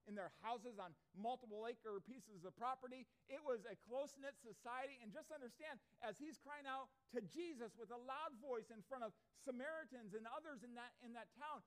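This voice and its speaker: High-voiced man preaching a sermon. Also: moderate pace, hardly any pauses, a bit bright. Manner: earnest preaching with rhetorical questions. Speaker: pastor. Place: church before a congregation.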